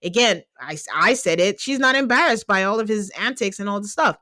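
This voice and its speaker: A woman's voice: medium pitch, brisk, dry recording, studio quality. A woman hosting a casual podcast chat, talking with animation and acting out quotes. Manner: animated, acts out quotes from the show. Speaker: podcast host.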